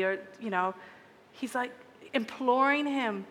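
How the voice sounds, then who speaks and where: A woman's voice: a little high, unhurried, a bit bright, in a large hall. A woman preaching a sermon in an earnest, reflective way, often asking her listeners searching questions.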